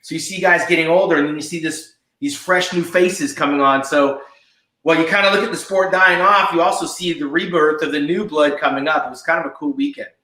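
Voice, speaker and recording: A man in his fifties co-hosts a podcast, telling stories enthusiastically in a casual chat. His slightly high voice is steady and sharp and moves a little fast, and the room is echoey.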